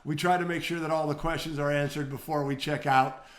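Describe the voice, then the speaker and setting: A man with a Michigan accent co-hosting a retail training webinar, giving advice in an energetic, coaching tone. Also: fairly high pitch, fairly quick, roomy sound. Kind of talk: casual webinar talk.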